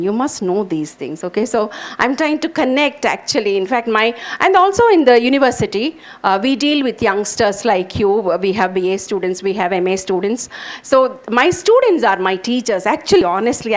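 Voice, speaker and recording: A middle-aged woman, an English professor, giving an earnest lecture to students and speaking to them directly. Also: medium pitch. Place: lecture hall.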